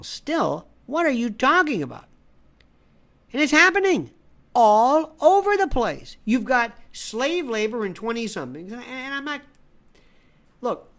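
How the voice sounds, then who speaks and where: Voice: mid-range voice, fairly bright tone. An independent media analyst delivering an opinionated commentary, ranting and repeating phrases for emphasis, often acting out quoted conversations.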